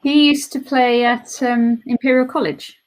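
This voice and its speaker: A woman's voice: fairly high pitch, fairly even intonation, unhurried. A woman co-commentating on live chess with brief interjections and dry remarks.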